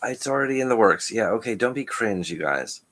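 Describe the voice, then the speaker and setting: Low-voiced man rambling to camera. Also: expressive, brisk, a bit bright. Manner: stream-of-consciousness, restarts, frequent chuckles. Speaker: channel host.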